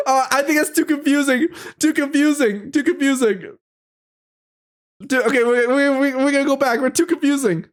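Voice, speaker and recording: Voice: high voice, measured pace, pauses often. A streamer reading an AI-written story aloud, laughing often and exclaiming in disbelief. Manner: giggly, bursts into laughter often; incredulous, exclaiming. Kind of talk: casual reading aloud with reactions.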